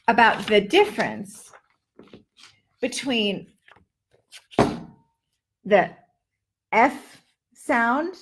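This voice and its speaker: A woman's voice: fairly high pitch, slight background noise. A woman teaching English pronunciation in a live online lesson, joking between drills and exaggerating sounds to show the difference. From Netherlands-based. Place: home, indoors.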